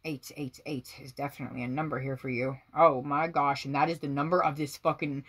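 A young woman reading tarot cards for her viewers, her voice sitting a little low. She talks with excited emphasis, jumping from loud exclamations to quiet, low murmurs. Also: brisk, slightly rough. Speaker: tarot reader.

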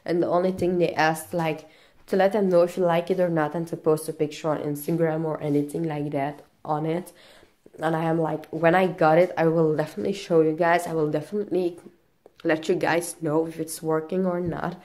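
Low-voiced woman, breathless and coughing. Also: flat delivery, darkish tone. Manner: halting, non-native English full of fillers. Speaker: vlogger. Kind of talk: casual vlog.

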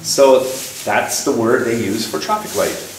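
A man's voice: medium pitch, a little slow. A man from Canada, giving an informal public talk as guest speaker, hesitant with many ums and restarts. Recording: echoey hall, distant mic, faint noise.

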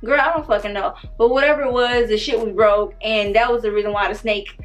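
A young woman, telling a story in a loud, animated, profane way. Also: on the high side, fairly quick, faint music behind. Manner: animated, profane, dramatic retelling. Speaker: storytime vlogger. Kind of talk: casual storytime.

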